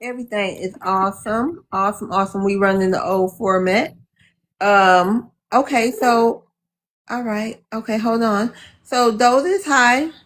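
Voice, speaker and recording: A woman's voice: fairly high pitch, measured pace, fairly bright tone. A woman hosting a live online debate, moderating casually and thanking viewers. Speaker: host.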